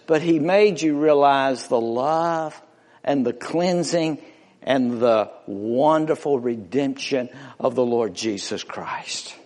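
A man preaching a sermon with slow, emphatic rises and falls. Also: medium pitch, lively intonation, a little mellow, big-room sound. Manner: slow, emphatic preaching with rising and falling delivery. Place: church.

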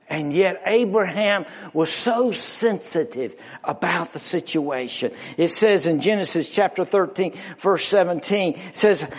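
A man preaching a sermon with an emphatic, drawn-out pulpit delivery. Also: on the high side.

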